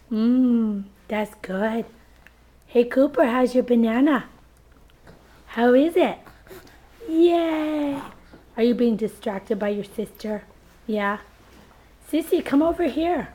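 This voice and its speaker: A young mother with a scratchy, sick voice, filming at home and coaxing her baby in sing-song baby talk. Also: a little high. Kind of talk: home video chat with a baby. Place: home, at a baby's high chair. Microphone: camcorder microphone.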